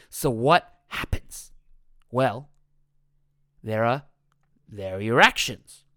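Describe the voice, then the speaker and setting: A man's voice: medium pitch, fairly bright tone, dry recording, studio quality. A man talking as a life coach in a motivational self-help talk, blunt and jokey, swearing freely.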